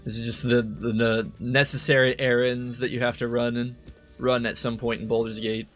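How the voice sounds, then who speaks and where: A man's voice: medium pitch, little pitch movement, moderate pace, a bit bright, faint music behind. A man casually commenting while playing a game, rambling and correcting himself as he thinks aloud. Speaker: let's play host.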